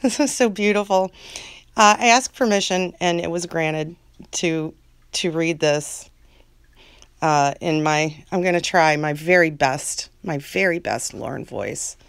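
A woman's voice: sits low, a little slow, vocal fry, smooth, no room sound. A woman who hosts a channel, chatting casually to her viewers in a rambling way and laughing often. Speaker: channel host.

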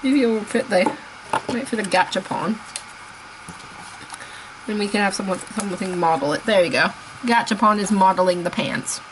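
A woman chatting casually as she unboxes toys, gushing and excitable, laughing often. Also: medium pitch, moderate pace, pauses often, noisy background. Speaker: unboxing vlogger.

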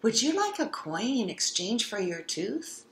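A woman voicing a gentle, kind tooth fairy who speaks softly. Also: on the high side, big pitch swings, a little slow, full character voice. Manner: soft, hushed and kindly. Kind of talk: storybook read-aloud. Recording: roomy echo.

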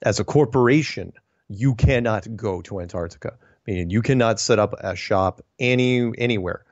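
A man hosting a solo show, reading listener emails and answering them in a wry, digressive way with puns and quick self-corrections. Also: on the low side, no echo, dull audio. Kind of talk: casual solo commentary.

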